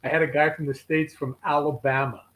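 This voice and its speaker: Older canadian guy, jokey rambling fishing chat, kinda high voice. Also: flat delivery, a little fast, a bit bright, rough recording. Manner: joking, rambling storyteller. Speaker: fishing guest. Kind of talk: casual chat.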